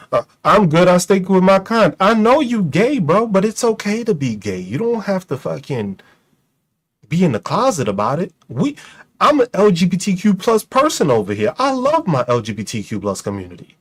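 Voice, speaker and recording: A man with a high voice that swoops all over his range, delivering a mocking, profane rant to his online audience. He fires off rhetorical questions and keeps laughing at his own jokes. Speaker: streamer and commentator. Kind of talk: ranting commentary to an online audience.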